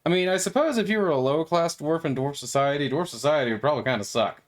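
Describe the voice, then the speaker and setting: This gamer talks fast in a highish voice, offering wandering, playful commentary while playing. He stammers and leans heavily on filler words.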